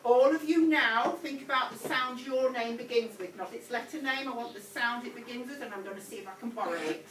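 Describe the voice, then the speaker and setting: A woman speaks fairly quickly in a high, somewhat bright voice while teaching phonics to an entire primary class. Encouraging throughout, she repeats her prompts and calls the children sweetheart. The sound is echoey, captured from far off in the classroom.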